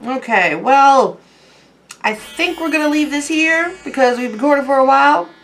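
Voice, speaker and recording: A woman casually commenting on a game and reading its text aloud, with many pauses and fillers. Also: high-pitched, expressive, a little hiss or hum. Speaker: game streamer.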